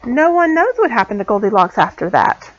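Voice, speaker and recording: A woman teacher reading a storybook aloud to small children, clear and expressive. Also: on the high side, a little fast. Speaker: pre-K teacher. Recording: dull lo-fi sound.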